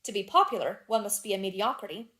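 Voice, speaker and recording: A woman's voice: mid-range voice, lively intonation, fast talker, fairly bright tone, natural voice. Woman reading as a cynical Victorian lord. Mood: drily witty. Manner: dry, epigrammatic drawing-room wit. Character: witty, cynical aristocratic Victorian gentleman.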